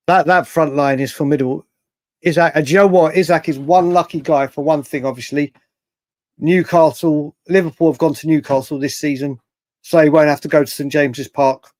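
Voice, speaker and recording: A man hosts a late-night live stream with a fairly high voice, rambling through viewer comments with plenty of restarts. His voice is close and dry on the mic, with little room sound. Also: darkish tone, dry recording. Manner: chatty, rambling, restarts often, reacts to chat. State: hiccups. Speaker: livestream host. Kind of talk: casual live-stream chat reading comments.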